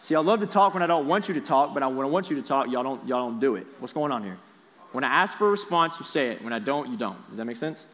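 A young man preaching to a youth group in a casual, energetic way, often checking with the students. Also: mid-range voice, fast talker. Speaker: youth pastor. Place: large hall with students. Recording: echoey hall.

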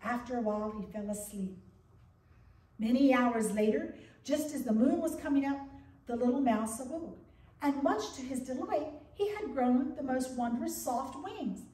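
A woman pastor reading a story aloud to her congregation in a gentle, expressive storybook manner. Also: high-pitched, moderate pace. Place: church sanctuary. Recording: echoey church from a distance.

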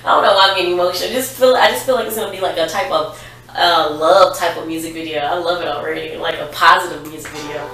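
Young woman, chatty reaction vlogger, excitable, very echoey room, sitting back from the mic. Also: low-pitched, quick pace, creaky, distant mic. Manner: chatty, excitable, exclaims along with the video. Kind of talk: casual reaction chat. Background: music video playing.

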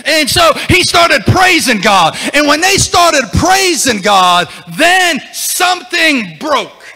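High bright-voiced preaching man. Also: very animated, takes it slowly, long reverb tail, soft background music. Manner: emphatic, repetitive preaching with rising shouts. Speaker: pastor. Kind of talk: sermon. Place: church sanctuary.

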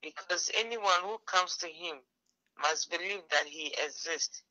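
A man with a very bright, slightly raised voice reads scripture in a plain, measured way. The recording is dull and lo-fi. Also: fairly high pitch. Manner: plain, measured reading, brief assents. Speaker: scripture reader and co-host. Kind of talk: reading scripture aloud.

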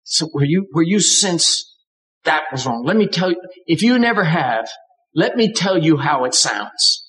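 A man's voice: a little high, expressive, measured pace, a bit bright, rough recording. An older man preaching a sermon, with dramatic emphasis and acted-out voices. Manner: dramatic, acts out voices of God and characters.

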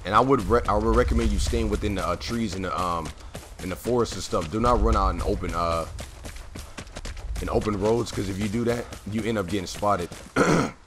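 A man giving casual gameplay commentary, chatty and rambling with many fillers, clearing his throat as his voice keeps cutting out. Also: lowish voice, a little fast, fairly bright tone, a little hiss or hum. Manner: rambling, chatty, full of fillers and self-corrections.

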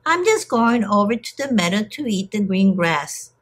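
A woman voicing a little young male billy goat with a high, piping voice. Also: big pitch swings, moderate pace. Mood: polite.

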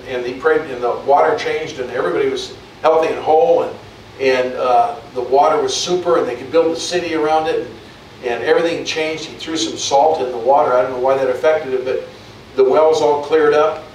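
Man preaching a loose, talky sermon; fairly high voice, recorded from a distance in an echoey hall with faint hum. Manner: conversational preaching with many restarts and repeated words. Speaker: pastor.

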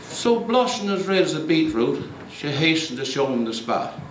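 A man performs a comic recitation, his pitch rising and falling lively as he tells it. He stands far from the mic in an echoey concert hall with a faint murmur of room sound. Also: measured pace, long pauses, noisy background. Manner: lively storytelling.

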